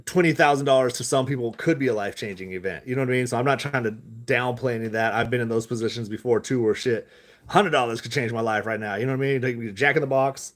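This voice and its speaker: A man rambles on a live stream, swearing freely and laughing at his own tangents. His talk is loose and unhurried, chatty rather than polished. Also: mid-range voice. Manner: loose, profane, laughing asides. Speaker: stock-talk vlogger.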